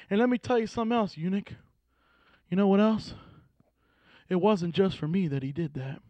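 High-voiced man preaching with fervor. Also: lively intonation, moderate pace, no echo. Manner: storytelling, swings from hushed to shouting. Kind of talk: sermon.

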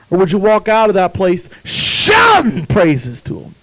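A man preaching a sermon, swinging between hushed storytelling and loud, fervent exclamations. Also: sits high, huge pitch swings, measured pace, hardly any pauses, poor audio. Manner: impassioned, swings from hushed to shouting.

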